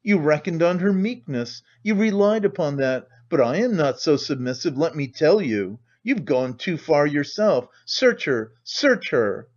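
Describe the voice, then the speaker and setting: A man's voice: lively intonation, measured pace, hardly any pauses, a little mellow. A man reading an audiobook voices a hysterical, frantic widow who shrieks accusations. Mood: frenzied. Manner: shrill, frenzied, accusing. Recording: dull lo-fi recording.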